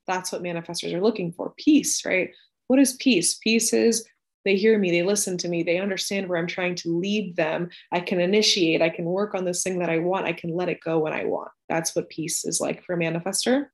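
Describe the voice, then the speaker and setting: A woman's voice: lowish voice, fairly quick. A young adult woman explaining a personal belief system in casual, chatty talk, often checking in with "right?" and filling her sentences with "like". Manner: chatty, frequent "like" and "right?", animated emphasis. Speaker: podcast guest explaining Human Design.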